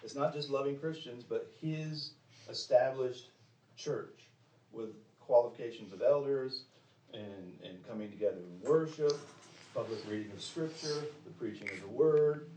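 A man preaching a sermon in a church, pressing the congregation with direct questions, with sharp emphatic rises and drops. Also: mid-range voice, normal speed, slight background noise. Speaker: pastor. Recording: echoey room, mic at a distance.

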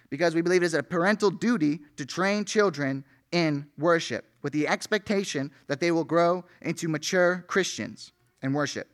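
A man's voice: a little high, normal speed. A male pastor preaching an earnest sermon, reading scripture aloud with rising emphasis.

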